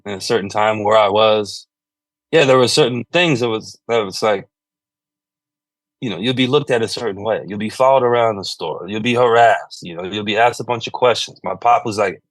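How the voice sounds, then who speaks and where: A man's voice: lowish voice, dry recording. Man, musician guest, casual rambling talk, "you know" fillers, dry studio sound. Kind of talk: conversational interview.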